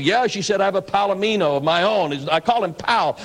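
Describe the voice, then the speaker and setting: An older man from Idaho, an evangelist preacher, telling his life story in a sermon with folksy, animated delivery and acted-out quotes. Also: high-pitched, brisk, hardly any pauses. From Idaho, USA.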